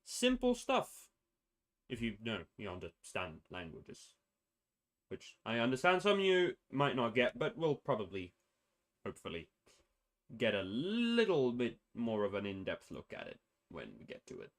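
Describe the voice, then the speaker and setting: A man's voice: fairly low pitch, big pitch swings, moderate pace. A young man casually explaining a constructed language's sound rules on a livestream, rambling and correcting himself as he goes. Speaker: streamer presenting a constructed language.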